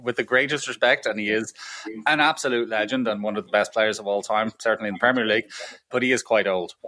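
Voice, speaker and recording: A man's voice: on the low side, fairly even intonation, fast talker, bright, forceful tone. British male guest, dry wit, mock-offended banter. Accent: British English. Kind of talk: casual chat.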